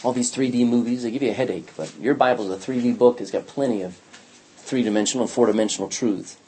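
In a fast, mellow, mid-range voice, a man leads a Bible study, with slight background noise in the recording. He reads scripture aloud and explains it emphatically, repeating key words and asking his class questions.

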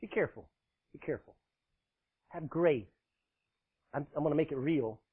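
Pastor, man, emphatic preacher with a husky, high, swooping voice, captured on a thin, phone-like recording. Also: moderate pace. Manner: forceful, emphatic preaching with sudden loud bursts and dramatic drops; laughs often, jokes with the congregation. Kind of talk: sermon. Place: church, live congregation. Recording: tinny phone-like sound.

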